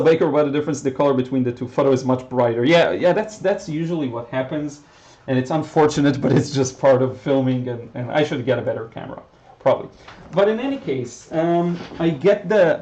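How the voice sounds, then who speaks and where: A man from Israel, Hebrew speaker, teaching watercolor live and chatting with viewers in a relaxed way with many fillers. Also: a little high, lo-fi sound. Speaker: watercolor painting instructor. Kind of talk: live-stream painting demo, reading chat.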